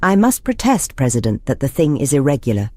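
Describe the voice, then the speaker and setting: A man's voice: mid-range voice, sing-song, fairly quick, no echo, natural voice. Man voicing a fussy, nervy secretary. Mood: protesting. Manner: sharp, nervy, protesting. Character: fussy rule-bound male anarchist secretary.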